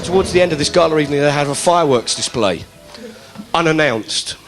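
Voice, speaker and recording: A man's voice: a little high, animated, a little fast, loud music behind the voice. A man telling a stand-up story in a sardonic, conversational way. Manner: conversational, sardonic, acting out characters. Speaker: comedian. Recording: hissy live recording.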